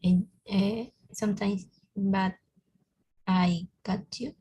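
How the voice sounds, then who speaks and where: Slow, hesitant woman student on a call. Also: mid-range voice, steady tone, husky. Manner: hesitant, quiet answers. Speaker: English student. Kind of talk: online English lesson. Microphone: video call.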